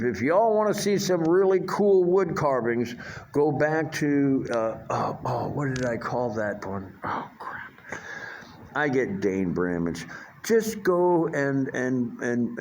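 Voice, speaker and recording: A man's voice: medium pitch, darkish tone, a little hiss or hum. An older man talks in a rambling, profane vlog monologue, full of fillers and restarts. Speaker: vlogger.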